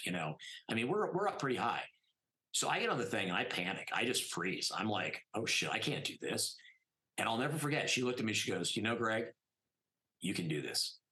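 Podcast guest: middle-aged man, low voice, very lively pitch, casual storytelling, emphatic. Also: low-quality recording. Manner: animated, emphatic, many "I mean" fillers. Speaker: podcast guest, plastic surgeon.

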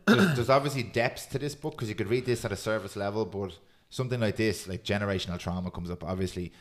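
A man hosting a podcast, chatting casually and reading a poem aloud in a steady, earnest way. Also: on the low side, fast talker. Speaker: podcast host.

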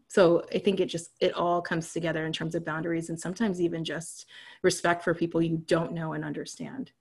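A woman with a somewhat low voice speaks steadily and articulately as a guest on a panel. She lays out her points in a calm, measured way. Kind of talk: casual panel discussion.

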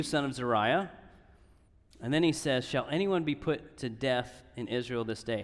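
A man preaching a sermon in earnest tones, often checking in with "right?". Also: mid-range voice. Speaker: pastor. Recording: reverberant hall.

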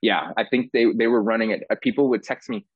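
Male podcast guest, low voice, chatty storyteller who acts out the dialogue, dull dry recording. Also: fast talker, slightly rough, dry recording. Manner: animated, says "bro" a lot, acts out quotes. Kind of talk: casual storytelling interview.

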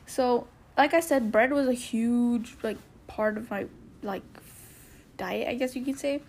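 A woman's voice: on the high side, a little slow, a little mellow. Chatty young woman rambling on a podcast. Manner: rambling, heavy use of "like", acts out quotes. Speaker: podcast host. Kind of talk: casual storytelling podcast.

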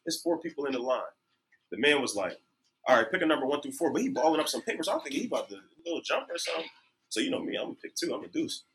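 A man's voice: a little high, big pitch swings, racing, fairly bright tone, slight background noise, poor audio. A man hosting a live podcast in front of an audience, talking casually and animatedly in slang. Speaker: podcast host.

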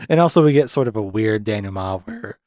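A man hosting a casual podcast film review, animated, often jumping into high-pitched voices to act out characters' lines and laughing a lot. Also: a little fast, dry recording, studio quality. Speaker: podcast host.

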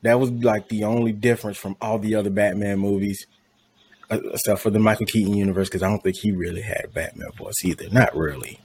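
A man's voice: fairly low pitch, steady tone, quick pace, a little mellow, a little hiss or hum. Opinionated man in casual chat. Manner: opinionated, laughs often, trailing restarts. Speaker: guest co-host. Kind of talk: casual podcast film review chat.

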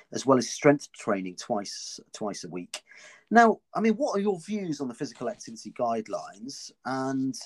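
A man's voice: mid-range voice, slightly rough. A man from the United Kingdom hosting a podcast, politely asking his guest questions with many um's. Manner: polite, frequent affirming "yeah". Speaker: podcast host. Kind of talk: interviewing a guest.

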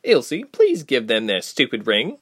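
A man's voice: mid-range voice, huge pitch swings, unhurried, a bit bright, slightly rough, no echo, studio quality, heavily acted. A man voicing a bold, fiery young girl in a storybook reading. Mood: defiant.

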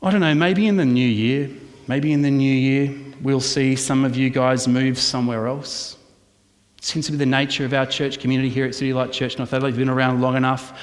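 A man preaches from the front of a church, his mid-pitched voice carrying a long reverb around the hall. He works through a sermon with rhetorical questions, swinging from animated to hushed. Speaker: pastor.

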